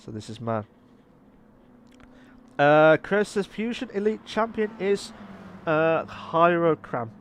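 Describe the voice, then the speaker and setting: A man giving live sim racing commentary in an excitable, rambling way, often correcting himself. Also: fairly high pitch, slow, long pauses, a little hiss or hum. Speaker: race commentator.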